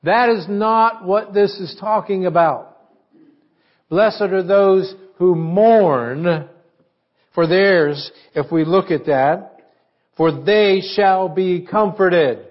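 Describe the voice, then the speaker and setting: Slow-speaking pastor, higher man's voice. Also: muffled recording. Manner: conversational preaching with questions to the congregation. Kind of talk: sermon.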